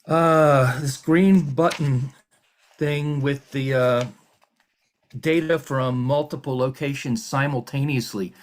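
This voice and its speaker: A man serving as hearing examiner, running a formal remote hearing in a measured, halting way with frequent fillers. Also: medium pitch, fairly even intonation, a little hiss or hum.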